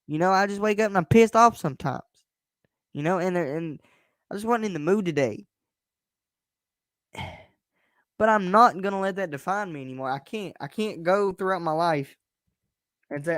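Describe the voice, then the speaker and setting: A man's voice: high voice, animated, moderate pace, pauses often, no echo, studio quality. Blunt, emphatic young man talking. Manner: emphatic and blunt, swears freely, often restarts words. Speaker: host. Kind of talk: casual personal monologue.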